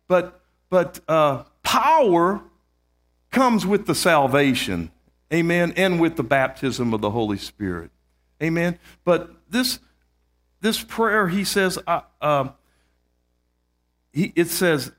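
A man delivers a sermon in a high, slow voice, leaning on key words and repeating them. His pitch swings widely as he builds emphasis and calls out amen to the congregation, often breaking off to restart a sentence. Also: a bit bright. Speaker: preacher.

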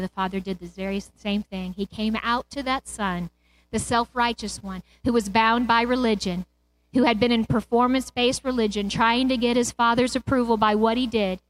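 A middle-aged woman preaching a sermon, retelling a parable with impassioned swells and cries of praise. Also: a little high.

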